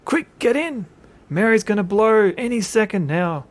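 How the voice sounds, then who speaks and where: A man voicing a brave male rescuer who calls out loudly and urgently. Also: a little high, animated, normal speed, pitched above the performer's own voice.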